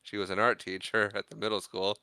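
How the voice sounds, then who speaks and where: A man's voice: lowish voice, level tone, fairly quick, gravelly, bright, forceful tone, dry recording. A man co-hosting a podcast, casually recapping a movie scene by scene and acting out the characters' lines in exaggerated voices. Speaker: podcast co-host.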